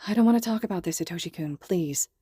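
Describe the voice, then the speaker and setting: A woman voicing an upset young man who pleads, then turns tearful and accusing, his voice rising high under stress. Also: fast talker, mellow, husky, dry recording. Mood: pleading. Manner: voice rising high when distressed.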